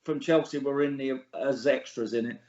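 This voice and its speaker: A man's voice: medium pitch, steady tone, normal speed, darkish tone. A middle-aged man, the guest in a casual interview, talking bluntly and scornfully, with plenty of swearing. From England. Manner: blunt, sweary, scornful, laughs at his own stories. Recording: echoey room, dull lo-fi sound.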